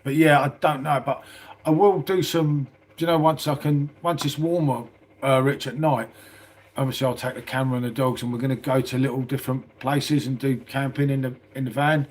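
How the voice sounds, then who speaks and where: A middle-aged man with a southern English accent, chatting loosely on a live stream from indoors. His voice is husky and sits at an ordinary pitch, and he fills his talk with "mate" and plenty of swearing. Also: steady tone, brisk, darkish tone. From England. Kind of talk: casual live stream chat. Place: small house indoors.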